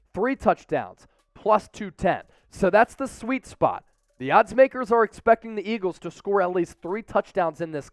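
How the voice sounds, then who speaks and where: Upbeat high-voiced sports host. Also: male voice, no room sound, studio quality. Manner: upbeat, opinionated, rattles off stats. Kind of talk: energetic sports commentary.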